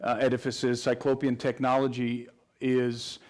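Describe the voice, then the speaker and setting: A man's voice: mid-range voice, completely flat delivery, a little slow. A man answering interview questions at length in an earnest, explanatory way, often restarting his phrases. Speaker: guest researcher.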